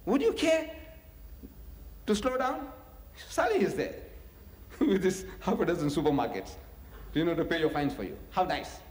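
A man giving a religious lecture, animated and full of rhetorical questions, chuckling often. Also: on the high side, normal speed, pauses often. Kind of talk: preaching lecture to an audience. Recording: echoey hall reverb.

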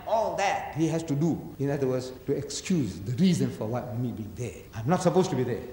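A man's voice: mid-range voice, very animated, fairly quick, warm tone, slight background noise. A man giving a public lecture on religion, emphatic and full of rhetorical questions, acting out the voices in his stories. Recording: echoey hall reverb.

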